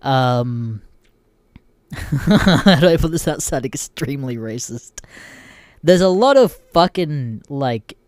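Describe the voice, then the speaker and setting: A man's voice: mid-range voice, lively intonation, takes it slowly, pauses often, no echo, clean studio sound. Swearing young Australian guy telling a story. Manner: heavy swearing, laughs through the story. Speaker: podcast host. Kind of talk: casual storytelling.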